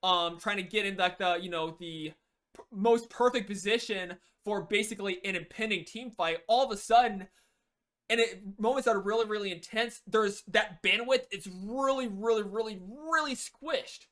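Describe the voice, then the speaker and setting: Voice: medium pitch, normal speed, fairly bright tone. A game coach giving a casual spoken lesson, rambling with lots of "you know" and frequent restarts.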